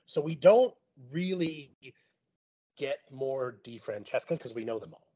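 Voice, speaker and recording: Lively, animated young man. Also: medium pitch, a little slow. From Sicilian family heritage. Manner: animated storyteller, acts out quoted people, laughs often. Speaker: podcast guest. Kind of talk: casual chat.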